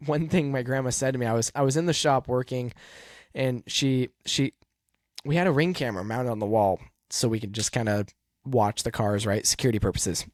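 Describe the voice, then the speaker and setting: A man with a mid-range voice tells a personal story in a halting, soft-spoken way, full of pauses and fillers. He sounds earnest and emotional. The recording is dry and close, with no room sound. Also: mid-range voice, dry recording. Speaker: podcast host and race car driver.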